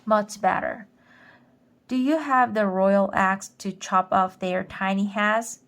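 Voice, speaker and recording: A woman voicing a bossy, greedy giant ant queen with a loud, raspy voice, shouting her demands in a storybook reading. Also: mid-range voice, takes it slowly. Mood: grumpy. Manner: imperious, shouting, childish demands.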